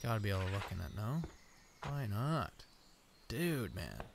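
Low-voiced man swearing through gameplay. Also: very animated, moderate pace. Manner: swears often, talks to himself and viewers. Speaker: gameplay commentator. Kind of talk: let's play commentary. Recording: with clear background noise.

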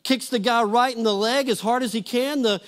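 A middle-aged pastor gives a sermon in a church auditorium. His voice sits unusually high for a man, and he talks in a folksy, storytelling way, stumbling and restarting his phrases as he goes. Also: steady tone, moderate pace.

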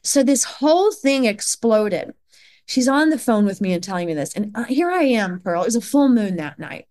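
A woman's voice: on the high side, lively intonation, moderate pace, a little mellow. A woman in her forties speaks as a podcast guest, telling her story earnestly and with emphasis. She slips into quoted dialogue to act out what others said. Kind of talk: conversational storytelling.

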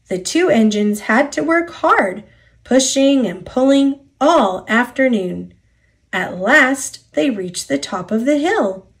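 Woman narrator, children's picture book, expressive, very slow pace. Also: a little high. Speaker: storybook narrator.

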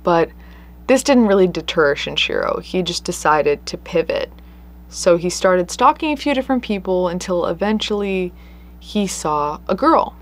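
A woman hosts a true crime show, recounting a case in a casual, conversational way that's earnest and full of emphatic stresses. Her voice is lowish and animated, at normal speed.

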